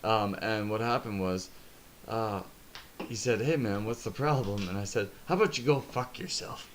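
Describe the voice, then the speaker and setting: A man's voice: lowish voice, normal speed, very noisy. A young man hosting a podcast, telling a long story in casual chat, rambling and swearing, laughing at his own jokes.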